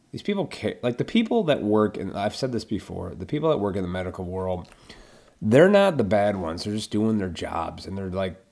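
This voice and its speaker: A man's voice: low-pitched, darkish tone. A middle-aged man talking casually to his viewers, ranting bluntly and swearing freely as he airs strong opinions. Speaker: vlogger. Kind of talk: casual monologue to camera.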